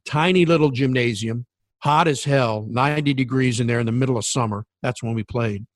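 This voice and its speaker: A middle-aged man who works as a sports broadcaster and used to referee, telling a story in casual conversation with animated enthusiasm and frequent restarts. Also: medium pitch, brisk, no echo.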